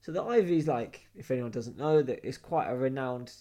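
A man's voice: mid-range voice, moderate pace. A young man with a London accent casually telling travel stories, acting out the dialogue and laughing often. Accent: London English. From London, England. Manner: animated storyteller, acts out quoted dialogue, laughs often. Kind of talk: casual storytelling chat.

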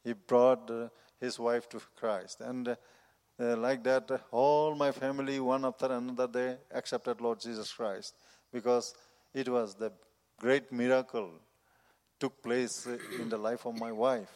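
Missionary preacher, man, earnest halting testimony, mid pitch, echoing hall. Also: little pitch movement, darkish tone. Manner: earnest, halting non-native phrasing. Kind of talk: personal testimony. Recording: long reverb of a large hall.

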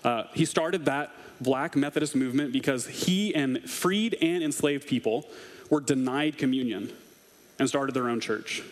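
A man of medium pitch preaching to his congregation in a loose, conversational way, dropping wry, snarky asides. His voice carries a long reverb tail from a large hall. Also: unhurried. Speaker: pastor. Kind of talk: conversational sermon.

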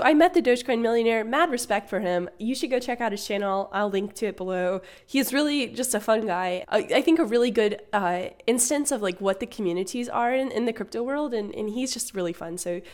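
A young woman hosting a casual finance explainer, chatty with quick asides and a laugh here and there. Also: a little high.

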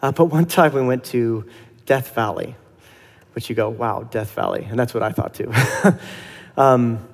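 A man's voice: mid-range voice, measured pace. Conversational male pastor in a reverberant hall. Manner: conversational, acts out dialogue with soft laughs. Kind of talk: sermon.

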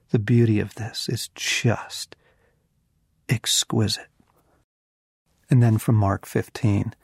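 A man who is an author and teacher gives a devotional teaching, reading scripture slowly and intensely and dropping to a whisper for emphasis. His voice is on the low side, gravelly, and a little mellow, recorded at studio quality with no room sound.

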